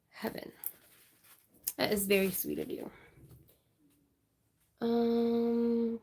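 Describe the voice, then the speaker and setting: A woman hosting a crafting livestream, chatting casually, reading viewer names and thanking them warmly. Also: on the high side, gravelly. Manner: warm, chatty, apologetic, reading out names slowly.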